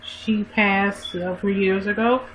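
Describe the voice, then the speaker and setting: Amid a noisy background, this woman vlogger speaks to livestream viewers in a mid-range voice with fairly even intonation and an unhurried pace. Casual and rambling, she frequently corrects herself and restarts via her webcam mic.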